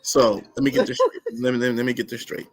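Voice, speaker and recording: A man's voice: mid-range voice, steady tone, quick pace, a little hiss or hum. A man co-hosting a casual podcast, teasing the others and repeating his words. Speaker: podcast co-host. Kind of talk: casual banter.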